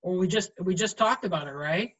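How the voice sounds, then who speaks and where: A woman's voice: on the low side, fairly quick, poor audio. A middle-aged woman, a volleyball referee, chatting animatedly in an interview and acting out quoted lines as she tells stories. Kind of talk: storytelling in an interview.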